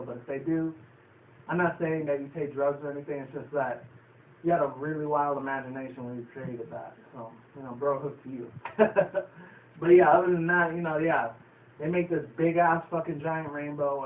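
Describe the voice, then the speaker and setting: Male vlogger, casual rambling recap, profane, chuckly; tinny phone-like audio with faint background hiss. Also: a little high. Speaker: vlogger reviewing a cartoon episode. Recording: tinny lo-fi, echoey, distant from the mic.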